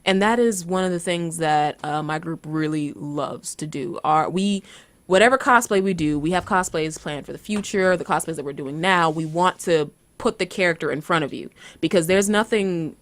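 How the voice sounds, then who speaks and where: A Southern woman with a slightly low voice talks as a guest in an interview. She tells her stories with animation and acts out what people said. The sound is close and dry, with no room echo. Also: normal speed. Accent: Southern US, Georgia. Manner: lively, acts out quoted voices, laughs often. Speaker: guest, cosplayer and actress.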